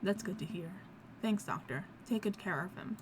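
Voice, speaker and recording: A woman's voice: mid-range voice, moderate pace, background noise, voice pushed down, natural voice. A woman voicing an anxious male bird lawyer who is easily flustered, reading a game aloud. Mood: relieved. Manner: worried, self-doubting.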